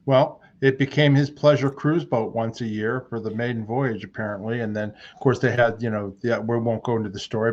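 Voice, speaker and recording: A man in casual podcast chat, commenting in a relaxed, agreeable way. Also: on the low side, lo-fi sound.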